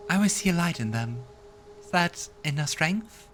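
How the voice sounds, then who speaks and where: A man voicing a seductive, possessive demonic presence in a dream, slow and breathy. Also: fairly high pitch, animated, a bit bright, soft background music, pitched above the performer's own voice.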